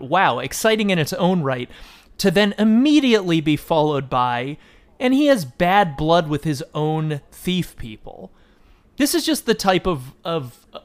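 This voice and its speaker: Male co-host, jokey and enthusiastic, slightly high voice. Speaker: podcast co-host. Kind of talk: casual chat about a book and its film adaptation.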